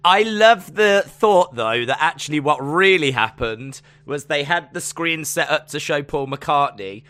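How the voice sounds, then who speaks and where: Lively, bright-voiced playful British man. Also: on the high side, unhurried. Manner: playful, jokey, breaks into silly bits and sung lines. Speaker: co-host. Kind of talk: casual stream chat.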